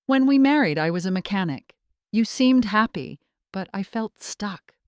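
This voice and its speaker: A woman voicing a middle-aged divorced man who speaks in a measured, gentle, composed way. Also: medium pitch, expressive, no room sound, clean studio sound, lightly acted.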